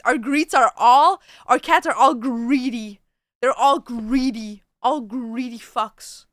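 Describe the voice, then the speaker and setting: A woman with a high, bright voice chats casually on a live stream from her home. She talks at an unhurried pace, slipping into playful sing-song baby talk for her cats and tossing in casual swearing. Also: no echo, clean studio sound. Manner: swears casually, drawn-out joking phrases.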